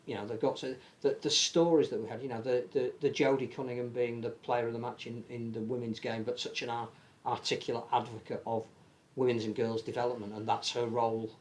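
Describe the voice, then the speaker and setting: An English man with an animated manner, chatting casually as a rugby league podcast pundit and often restarting his sentences. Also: medium pitch. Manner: animated, many restarts and stammered repeats. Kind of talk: casual panel chat.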